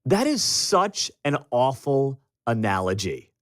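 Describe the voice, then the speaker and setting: American male radio host, lively pitch, dry close studio sound, emphatic storyteller. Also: takes it slowly, dry recording. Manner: animated, emphatic, storytelling with acted-out quotes. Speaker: radio talk show host. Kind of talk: opinionated talk radio monologue.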